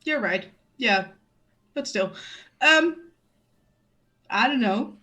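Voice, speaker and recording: Expressive woman playing her character. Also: a little high. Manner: hesitant, halting speech. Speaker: player. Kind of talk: in-character tabletop role-play.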